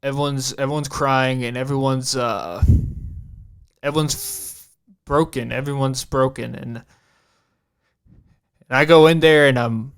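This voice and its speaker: A young man hosting a podcast, telling a personal story in a halting way, repeating and restarting his phrases and swearing casually. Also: mid-range voice, steady tone, gravelly, clean tone. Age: young adult. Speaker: podcast host.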